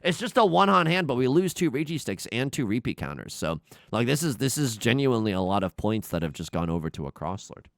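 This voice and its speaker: A man commentating live on his own tile game, excitable and jokey, yelping at setbacks and muttering while he counts tiles. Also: medium pitch, fairly quick, creaky, no room sound, clean studio sound. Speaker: streamer playing a tile game.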